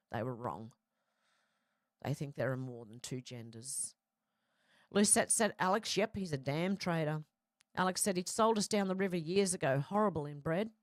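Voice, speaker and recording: A middle-aged woman with a lowish voice runs a casual live chat, chatting away and reading comments from viewers aloud while laughing a lot. The sound is studio quality, with no room sound.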